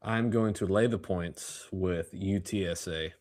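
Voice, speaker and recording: A man with a fairly low voice co-hosting a laid-back sports betting podcast. He is easygoing, throws in quick jokes and laughs often. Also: a little mellow. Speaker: podcast co-host. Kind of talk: casual sports betting chat.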